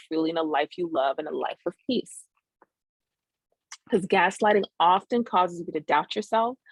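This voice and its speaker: A woman therapist leads a webinar in a fairly low, dry voice. She talks earnestly and keeps pausing to check in with "right?". The sound comes over a video call with no room echo. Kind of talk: teaching a live webinar.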